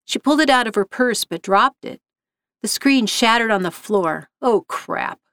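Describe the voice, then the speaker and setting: A woman reading a scripted story aloud in an even, measured way. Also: a little high, smooth, no echo, studio quality. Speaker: narrator.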